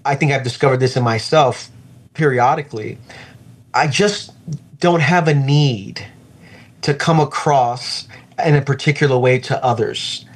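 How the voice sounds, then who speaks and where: A middle-aged man, a pastor, talking reflectively and earnestly about faith in an interview, slowing down to stress his points. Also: medium pitch, slightly rough.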